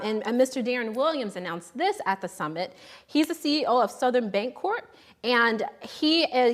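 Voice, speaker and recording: A woman's voice: on the high side, a bit bright. A young adult woman hosting a live shopping show, chatting casually and upbeat, often restarting her sentences.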